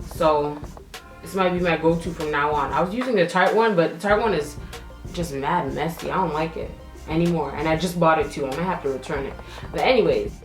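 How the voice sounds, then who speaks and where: A young woman telling a storytime while doing her makeup, animated and slangy, acting out what people said. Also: deep voice, a little fast. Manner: animated, slangy, acts out quotes. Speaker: beauty vlogger. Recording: roomy echo, faint music.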